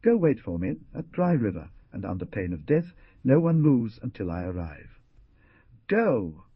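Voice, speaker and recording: Stern young frontier hero, read by a husky man. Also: lowish voice, big pitch swings, measured pace, dry recording, full character voice. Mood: commanding. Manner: stern, commanding. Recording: dull dry lo-fi recording.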